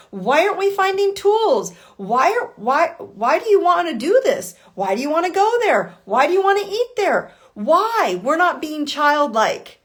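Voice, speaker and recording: A woman life coach giving a blunt motivational talk on a live call, swearing and firing off rhetorical why questions. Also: very high voice.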